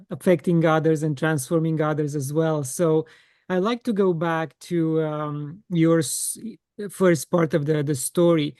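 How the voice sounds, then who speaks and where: Male podcast host asking gentle questions. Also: on the high side, fairly even intonation, unhurried, clear, resonant tone, no room sound, studio quality. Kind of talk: casual interview.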